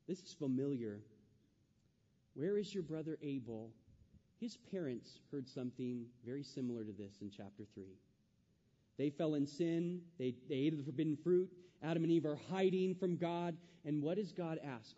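Male pastor, sermon, dark mellow tone, dull lo-fi sound, long hall reverb. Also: a little high, lively intonation, normal speed. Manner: preaching with rising intensity and dramatic quoted voices.

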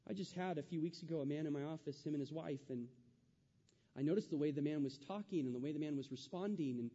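A pastor preaching a sermon, emphatic and repetitive, asking the congregation rhetorical questions. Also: male voice, fairly high pitch, fast, dark tone. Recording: dull lo-fi sound with long hall reverb.

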